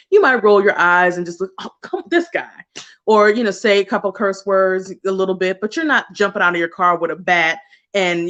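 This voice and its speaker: A woman's voice: medium pitch, fairly bright tone. A woman tarot card reader talking casually on a livestream, chatty and loose, laughing often and dropping slang and swear words.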